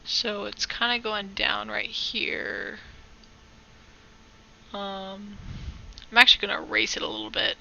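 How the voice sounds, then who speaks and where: A woman talks slowly through a casual live-stream art tutorial, her voice bright and sharp with a gravelly fry underneath. She rambles, jokes and corrects herself mid-sentence. The audio is dull and lo-fi. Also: mid-range voice, flat delivery, a little hiss or hum. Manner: rambling, jokey, self-correcting, talks to chat.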